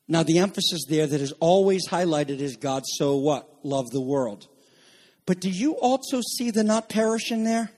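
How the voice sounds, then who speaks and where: A man preaching an urgent sermon, swinging between loud pressing warnings and low quiet passages, repeating phrases and asking his listeners questions. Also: animated, moderate pace. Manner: repeats phrases for emphasis and asks the audience questions.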